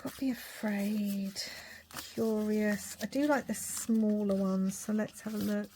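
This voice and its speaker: A woman's voice: medium pitch, steady tone, slow, warm tone, slight background noise. A middle-aged woman chatting and thinking aloud as she works on a craft project. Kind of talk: crafting vlog commentary.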